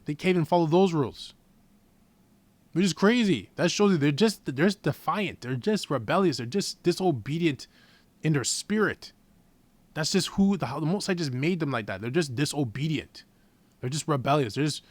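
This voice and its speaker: A man preaching informally from scripture in a blunt, profane, heated way, reading the verses slowly and deliberately. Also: fairly high pitch, no echo. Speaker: scripture teacher.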